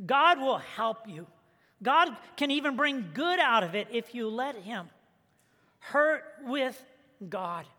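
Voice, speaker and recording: A male pastor giving a sermon. He opens in a soft, prayerful tone, then tells a story and acts out its characters with lively delivery. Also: very high voice, unhurried. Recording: long hall reverb.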